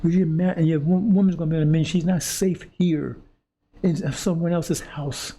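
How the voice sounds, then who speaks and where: A preacher addresses his audience at a moderate pace, his warm, breathy voice sitting on the high side with fairly even intonation. The monologue is impassioned and confrontational, full of repeated phrases, with stammers and restarts as he reaches for words.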